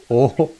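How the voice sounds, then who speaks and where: A man narrating a tabletop role-playing game as game master, casual and brisk with fillers. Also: extremely high pitch.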